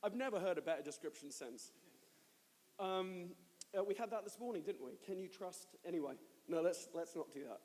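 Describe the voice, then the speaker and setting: A man's voice: high voice, expressive, a little fast, darkish tone. A man hosting a live conference, introducing speakers while breaking into laughter. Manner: giggly, keeps breaking into laughter. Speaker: conference host. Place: large hall with long reverb. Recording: live conference hall reverb.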